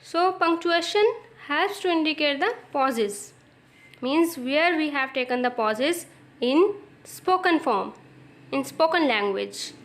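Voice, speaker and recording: A woman teacher with a Pakistani English accent delivers a recorded lesson. Her voice sits high and she speaks at an unhurried, deliberate pace. She repeats key phrases to drive each point home. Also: lively intonation. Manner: slow, explanatory, repeats phrases for emphasis.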